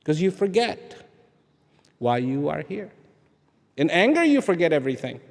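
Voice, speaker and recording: Animated man preaching in a reverberant hall. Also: a little high, moderate pace, creaky. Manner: rhetorical questions, emphatic repetition, dramatic shifts between loud and hushed. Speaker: speaker addressing an audience. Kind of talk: live spiritual talk.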